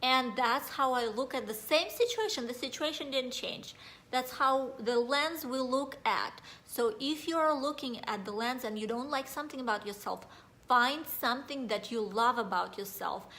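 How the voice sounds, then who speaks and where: A woman's voice: sits high, moderate pace, bright, forceful tone. A woman from Russia, giving a rambling, earnest motivational talk on mindset, with a slightly nasal voice and many fillers. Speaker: mindset coach.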